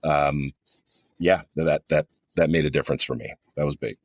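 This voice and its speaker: Band member, man in his 40s: rumbling low voice, dry close mic, thoughtful and rambling with lots of ums. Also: steady tone, normal speed, dry recording. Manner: reflective, meandering, many hesitant ums. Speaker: drummer and guitarist in a band. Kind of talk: casual interview chat.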